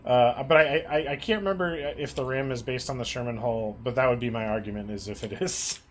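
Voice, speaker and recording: A man hosting a casual livestream, reading chat questions aloud in a relaxed, chatty way. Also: mid-range voice, a little fast, slight background noise. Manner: relaxed, chatty, laughs easily. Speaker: stream host reading chat.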